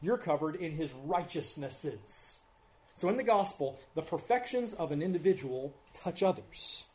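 A pastor preaching an earnest expository sermon, with emphatic rises and drops in loudness and casual asides. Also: male voice, fairly high pitch, lively intonation, a little slow. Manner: conversational asides.

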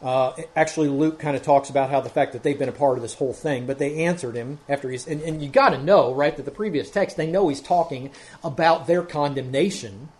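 A man's voice: a little high, fairly quick, a little mellow. Methodical male pastor preaching verse by verse. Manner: methodical, walks through verses one by one. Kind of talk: expository sermon.

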